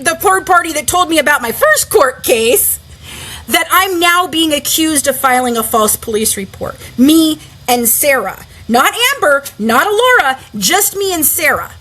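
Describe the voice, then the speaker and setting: Woman guest rambling through a story, lots of likes, high voice, sharp tone. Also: unhurried, poor audio. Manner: animated, lots of "like" fillers. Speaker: interview guest. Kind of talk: casual storytelling.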